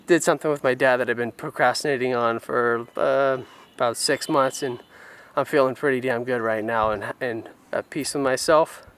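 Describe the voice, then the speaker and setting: Candid young man with a clear voice. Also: medium pitch, a bit bright. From California, USA. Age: young adult. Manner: reflective, open and unguarded. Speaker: vlogger. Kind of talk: candid personal storytelling. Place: outdoors on a rural family property. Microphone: camera mic on a handheld tripod.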